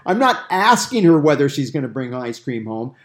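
A man's voice: medium pitch, big pitch swings, moderate pace. A man leading a Bible study discussion, explaining Greek grammar with everyday examples. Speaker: Bible teacher.

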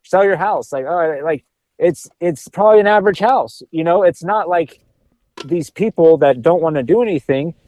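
A man co-hosting a podcast talks in a rambling way, stumbling over repeated words. His voice is dark and mellow. The recording is close and dry. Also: a little high, moderate pace, no room sound. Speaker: podcast co-host. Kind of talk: casual podcast chat.

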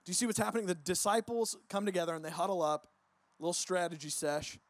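Man, high voice, dry close sound, casual sermon, chatty, lots of fillers. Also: fast, no echo. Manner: relaxed, peppered with filler words. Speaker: pastor. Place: church service.

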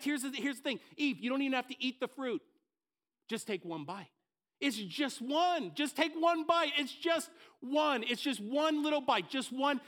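A sly serpent , put on by a man, who coaxes with a very high, wheedling voice. He keeps pressing, urging and insisting, never letting up. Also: fairly bright tone. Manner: coaxing, persuasive, insistent. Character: sly tempting male serpent, the devil.

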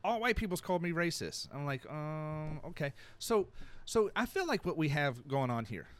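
Rambling man with a lively voice. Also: a little high, moderate pace. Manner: rambling, joking, repeats himself. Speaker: podcast co-host. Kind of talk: casual chat.

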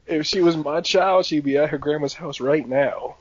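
A young man telling a story in casual chat, animated and laughing often, acting out quotes. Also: on the high side, unhurried, pauses often. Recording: dry, slightly dull sound.

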